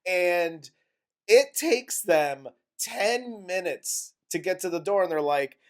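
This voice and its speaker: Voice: mid-range voice, lively intonation, slow pace. Crude, exasperated podcast co-host. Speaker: co-host of a movie review show. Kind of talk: comedic podcast chat, retelling the plot.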